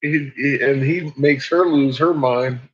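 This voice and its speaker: A vlog host chats casually about his dogs, laughing often. His medium-pitched voice is slightly rough and a little slow, captured in a dull lo-fi recording.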